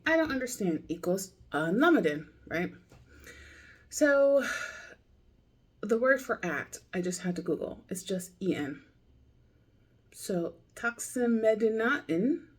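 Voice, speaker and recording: Woman, casual diary talk, unhurried, rambling, mid-range pitch. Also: slightly rough. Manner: thinking aloud, loose and rambling. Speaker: language learner.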